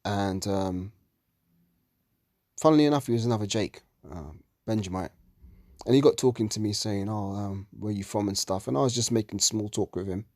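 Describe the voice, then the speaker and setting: A man's voice: lowish voice, moderate pace, darkish tone, no room sound, clean studio sound. A man gives a heated religious commentary monologue, ranting and swearing often.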